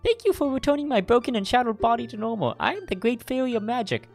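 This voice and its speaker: A man voicing a gracious female great fairy of magic, speaking slowly, formally and gently. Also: extremely high pitch, big pitch swings, faint music behind, voice pushed up, heavily acted. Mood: grateful.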